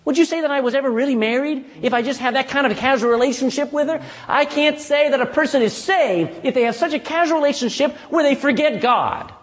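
A man preaching a sermon in a folksy, animated way, often asking the congregation "amen?". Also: very high-pitched, fast talker, hardly any pauses, big-room sound. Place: church.

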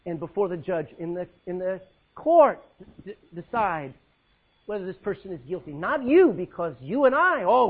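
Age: adult. Sex: male. Role: preacher, husky and animated. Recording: muffled, lo-fi. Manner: emphatic, swings from loud high calls to low hushed lines. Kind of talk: sermon.

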